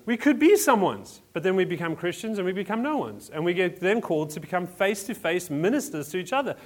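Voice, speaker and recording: Conversational male pastor, slightly high voice. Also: sing-song, fast. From South Africa. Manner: conversational, restarts often, many fillers. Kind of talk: sermon.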